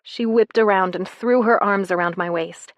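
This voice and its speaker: A woman's voice: mid-range voice, moderate pace, dry recording. Woman narrating a romance audiobook, dry. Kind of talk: scripted narration.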